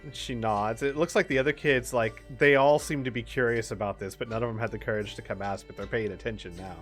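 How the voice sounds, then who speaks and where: A man narrating as game master for a tabletop game, relaxed and chatty, with many fillers and laughs. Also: medium pitch, quick pace, soft background music.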